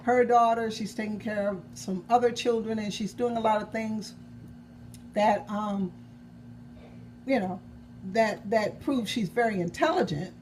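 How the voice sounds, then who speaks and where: A woman's voice: on the high side, unhurried, darkish tone, a little hiss or hum. Rambling woman chatting about her novel. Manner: rambling, self-correcting, chuckling. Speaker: novelist vlogger. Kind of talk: casual chat about her own novel.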